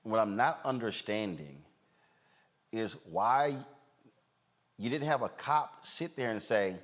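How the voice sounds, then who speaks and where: A man's voice: on the low side, expressive, slow pace, pauses often. A man hosting a news commentary show, talking directly and emphatically with frequent fillers.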